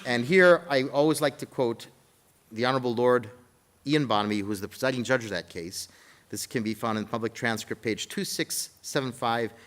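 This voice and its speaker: A man on a legal panel, telling courtroom anecdotes in a measured way with frequent fillers. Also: mid-range voice. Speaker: defense counsel panelist.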